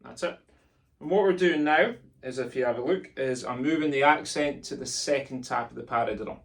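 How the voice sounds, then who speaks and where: A man's voice: mid-range voice, brisk, gravelly. A man teaching pipe band drumming, counting in and chanting sticking patterns in an encouraging, jokey way. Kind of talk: instructional lesson, counting in and calling rudiments. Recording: distant mic with loud drumming behind.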